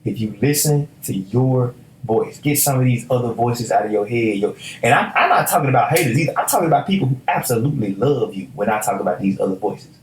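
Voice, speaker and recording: A man's voice: medium pitch, animated, fast, a little hiss or hum. A young man, hosting a solo motivational podcast in an emphatic, preachy, casual way with stammered restarts. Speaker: podcast host. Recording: echoey room.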